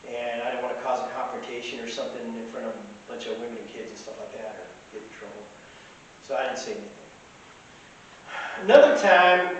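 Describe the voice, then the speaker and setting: A man with a mid-range voice casually spins rambling, chatty anecdotes from costume fairs, like a storyteller. The recording is muffled and echoey, with a distant mic and faint hiss.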